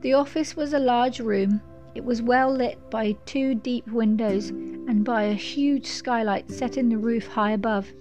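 A woman narrating a storybook in a measured, descriptive way. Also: a little high, a little mellow, muffled recording, soft background music.

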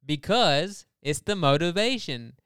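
A man co-hosting a casual Bible study talk, explaining earnestly and speeding up in quick asides. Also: on the high side, expressive, fairly bright tone, smooth, no room sound, studio quality. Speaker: podcast co-host.

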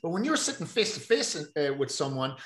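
A man's voice: a little high, sing-song, a little fast, fairly bright tone. An Irish man in casual chat, rambling and swearing freely as he tells stories. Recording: echoey room.

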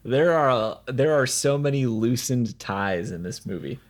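A man's voice: medium pitch, animated, a little slow, a little hiss or hum. A young man co-hosting a casual movie chat, blunt and jokey, swearing freely. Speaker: podcast co-host reviewing a movie.

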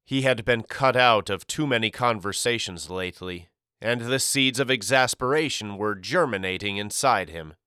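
A man narrating a novel as an audiobook, reading steadily with clear articulation on a close studio microphone. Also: on the low side, moderate pace, bright, forceful tone, no room sound. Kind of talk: scripted storybook narration.

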